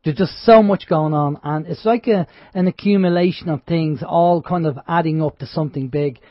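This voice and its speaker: Earnest radio host, slightly high. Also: male voice, normal speed, no room sound. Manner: earnest, opinionated. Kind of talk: casual talk radio chat. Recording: dull dry radio sound.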